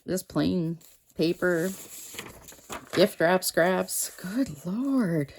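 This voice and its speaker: A woman's voice: on the low side, slow pace, vocal fry, a little hiss or hum. Rambling chatty woman sorting craft supplies. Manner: rambling, self-interrupting, talks to viewers. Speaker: art vlogger. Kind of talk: casual chatty studio vlog. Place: home art studio.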